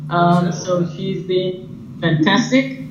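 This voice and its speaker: A man's voice: high voice, slow, background noise. A man introducing his team over a video call, chatty and laughing. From South Africa. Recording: dull video call played into an echoey hall.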